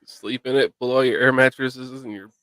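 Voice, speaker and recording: A man's voice: medium pitch, fairly even intonation, fairly quick, a bit bright, clear, resonant tone, no room sound. A man, joining the casual chat with easygoing, chuckling remarks. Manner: easygoing, chuckling, short replies.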